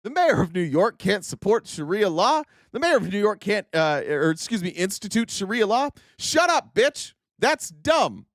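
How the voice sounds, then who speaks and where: A man's voice: high voice, lively intonation, normal speed, few pauses, no echo, studio quality. A man hosting casual political commentary, sarcastic and profane, often mocking his opponents in mock voices.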